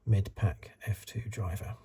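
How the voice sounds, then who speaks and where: Middle-aged male ASMR host, soft-spoken, low-pitched, very husky and breathy, close mic. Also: steady tone, a little slow. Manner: soft-spoken, drifts into whispers, rambling asides.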